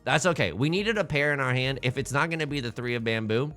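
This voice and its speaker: A male let's-play host with a mid-range voice that swings widely in pitch, climbing high when he gets worked up. He talks in a tired, melodramatic, self-mocking way and stumbles over repeated words. Faint game music plays under his voice. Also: lively intonation, fast, bright, forceful tone. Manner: self-deprecating, melodramatic, stammering restarts. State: tired from little sleep. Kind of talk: casual gameplay commentary.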